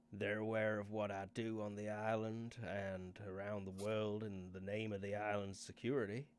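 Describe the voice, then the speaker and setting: A man's voice: mid-range voice, creaky, natural voice. A man voicing a curt, dismissive male spymaster who runs a secret team. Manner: curt, dismissive, calls the players rookies.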